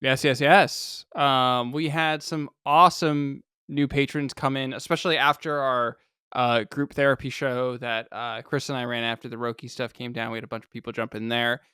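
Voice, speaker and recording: A man co-hosting a sports podcast, reading out thanks with playful, drawn-out jokes. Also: medium pitch, level tone, bright, forceful tone, clear, resonant tone, dry recording, clean studio sound. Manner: playful, drawn-out joking delivery. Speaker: podcast co-host. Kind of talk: casual sports podcast chat.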